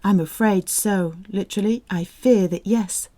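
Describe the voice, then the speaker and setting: A woman teaching French, reading phrases out slowly, repeating them and cheering the listener on. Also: medium pitch, warm tone. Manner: slow, repeats phrases, encouraging. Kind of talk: audio language drill.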